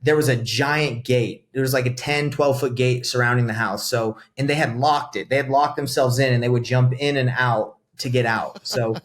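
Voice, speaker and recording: A man's voice: medium pitch, moderate pace, few pauses. A young man from Atlanta, a podcast guest, telling a story in casual talk and acting out what people said. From Atlanta, USA. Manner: animated, acts out quoted dialogue with lively swings. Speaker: podcast guest, real estate investor.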